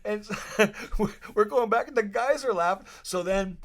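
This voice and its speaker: A man in his fifties, a retired hockey player guest, telling stories in a rambling, animated way and laughing as he acts out scenes. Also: sits high, measured pace. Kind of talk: casual storytelling interview.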